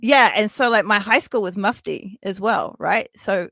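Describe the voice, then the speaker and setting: A young woman with a New Zealand accent hosting a casual podcast chat, animated, laughing often and swearing freely. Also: medium pitch, moderate pace, creaky, no room sound, clean studio sound. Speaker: podcast host.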